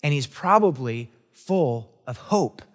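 A man's voice: mid-range voice, expressive, slow pace, big-room sound. A man preaching a conversational sermon as a pastor, talking casually and chattily with restarts and asides.

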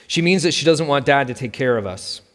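A man's voice: medium pitch, lively intonation, a little fast, natural voice. A man doing a bored, sarcastic boy. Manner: dry, sighing. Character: bored, sarcastic twelve-year-old boy. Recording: long hall reverb.

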